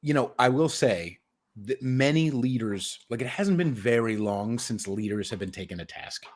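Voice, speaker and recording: A man's voice: mid-range voice, expressive, normal speed, darkish tone. A man hosting a podcast in casual chat, rambling and cursing as he jokes. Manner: rambling, profane, joking. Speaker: podcast host. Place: home studio in New York.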